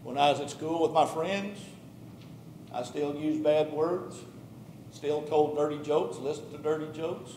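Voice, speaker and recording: High-voiced man preacher in echoey church. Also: measured pace, warm tone, a little hiss or hum. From Texas. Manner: earnest personal storytelling with building emphasis. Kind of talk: sermon. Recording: echoey church hall recording.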